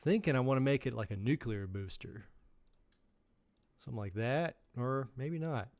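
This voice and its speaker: A man's voice: mid-range voice, expressive, normal speed. A man streaming a space-building game live, thinking aloud as he works and chatting with viewers. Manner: thinks aloud, chats with viewers, bursts into loud mock shouting. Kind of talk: casual live-stream gameplay commentary.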